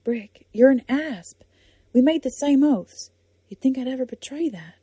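A tough, spirited young woman from a storybook talks in a lively, teasing way, as a woman reads her. Her voice stays mellow and breathy, close and dry. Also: normal speed, dry recording. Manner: lively and teasing, rising pitch.

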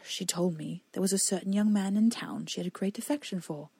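A woman voicing a captive male enemy knight who talks smooth, cool and coaxing. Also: medium pitch, a little fast, darkish tone, no echo. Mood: pleading.

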